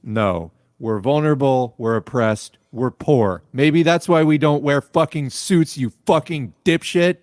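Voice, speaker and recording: A man doing political reaction commentary, blunt and exasperated, who swears freely. His voice sits at an ordinary middle pitch. The recording is dry and close. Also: measured pace, few pauses, darkish tone, no echo. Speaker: video commentator.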